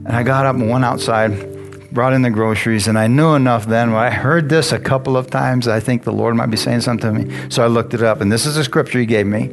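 A man with a medium-pitched, creaky voice preaches a sermon in church at a quick pace, sharing his personal testimony. He's animated and calls out questions to the congregation while guitar music plays behind him.

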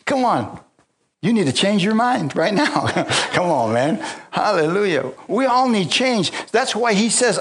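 Fired-up, chuckling preacher with a raised voice. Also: male voice, high-pitched, slight background noise. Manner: lively preaching with frequent hallelujahs and call-outs to the congregation; chuckles often while telling personal stories. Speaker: pastor. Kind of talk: sermon.

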